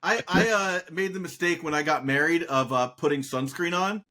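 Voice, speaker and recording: A man co-hosting a podcast, chatting casually as an enthusiastic, animated storyteller with many fillers. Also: on the high side, normal speed. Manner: animated storyteller, acts out quotes. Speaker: podcast co-host. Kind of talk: casual chat.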